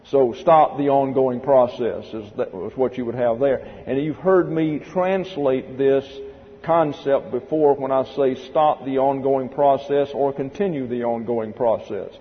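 A mid-range, slightly slow male voice belongs to a Bible teacher delivering a systematic Greek grammar lesson. He spells out words letter by letter, and the lo-fi audio is dull, with a long hall reverb.

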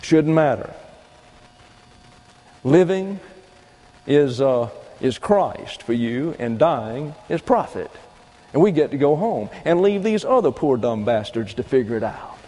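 Guy preaching a sermon, point by point, mellow voice, big hall echo. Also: medium pitch, expressive. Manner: deliberate teaching with numbered points and read-out verses. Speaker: pastor.

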